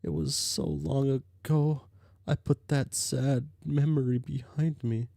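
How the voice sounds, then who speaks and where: A tearful young canine spirit girl who keeps breaking into sobs and pleading with slow, gravelly sadness, voiced by a man reading a webcomic aloud. The tone is dark and mellow, dry and close, with no room around it. She wallows in loss and fear. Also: mid-range voice, big pitch swings, dry recording, voice pushed down, exaggerated voice. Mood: mournful. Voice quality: sobbing, whimpering. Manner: tearful, self-pitying. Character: grieving ghostly dog-girl spirit, young, sobbing.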